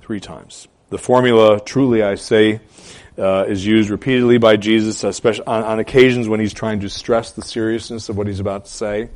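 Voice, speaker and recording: A man preaching a sermon as pastor, with emphatic stresses, quiet asides and hesitant fillers between phrases. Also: fairly low pitch, fairly even intonation, a little fast.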